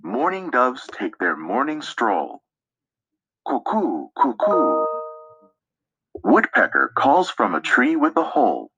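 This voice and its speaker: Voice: medium pitch, huge pitch swings, unhurried, creaky, few pauses, fairly bright tone, dull audio, faint music behind. A reader giving a children's picture-book read-aloud in a sing-song way, imitating the bird calls. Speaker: storybook reader.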